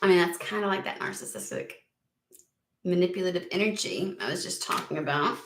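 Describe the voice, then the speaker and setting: This tarot reader's voice is fairly low, expressive and fairly quick, with reverberation around it. Exasperated, she swears a lot and speaks bluntly through her casual reading.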